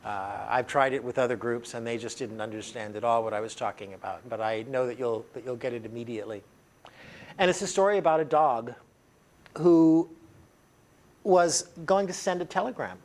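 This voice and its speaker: Guy running a training workshop, chatty, lots of "you know", mid-pitched ordinary voice, talking to a room. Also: normal speed, a little mellow. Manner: conversational, chatty, frequent fillers. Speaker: NLP trainer. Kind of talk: workshop teaching.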